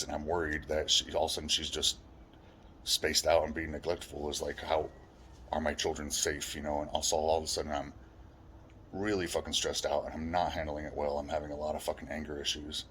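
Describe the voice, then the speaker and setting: A man's voice: extremely low pitch, little pitch movement, a little fast, a bit bright, a little hiss or hum. A man telling his own life story in a blunt, plain-spoken way, swearing often. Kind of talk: personal life story monologue.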